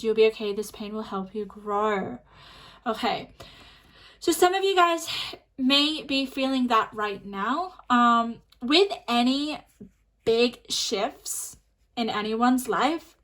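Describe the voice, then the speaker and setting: A woman's voice: on the high side, fairly bright tone. A woman giving a pick-a-card tarot reading to camera, speaking in a chatty, reassuring way with many fillers. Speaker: tarot reader.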